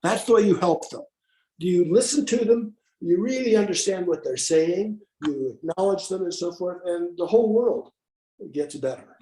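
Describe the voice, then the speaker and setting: A man's voice: high voice, animated, moderate pace, dark tone, roomy sound. A man, an interview guest, telling an anecdote in casual conversation and acting out the voices he quotes.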